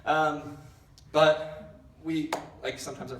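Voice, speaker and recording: A man's voice: high-pitched, expressive, normal speed, a bit bright, echoey room, distant mic, a little hiss or hum. A young man giving a casual youth sermon, telling a rambling story with lots of fillers and self-deprecating jokes. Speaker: youth pastor. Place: large church hall.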